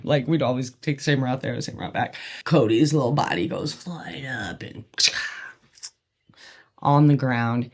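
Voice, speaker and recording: A woman's voice: a bass voice, a little mellow, slightly rough. A woman hosting a podcast, telling candid personal stories in a rambling way, laughing often and swearing casually. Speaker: podcast host.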